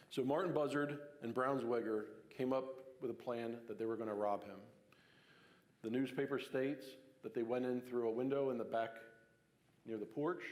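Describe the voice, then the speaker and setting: In a hall with long reverb, a man with a medium-pitched, darkish voice gives a casual public talk on local history. He tells the story conversationally, filling in with ums and restarting sentences.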